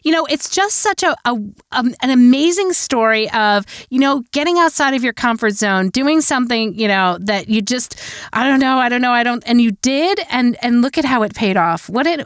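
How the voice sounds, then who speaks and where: A woman hosts an interview show, cheering her guest on and laughing readily. Her voice sits a little higher than most women's. The sound is dry and close. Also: animated, normal speed, dry recording. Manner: encouraging, laughs often. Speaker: podcast host.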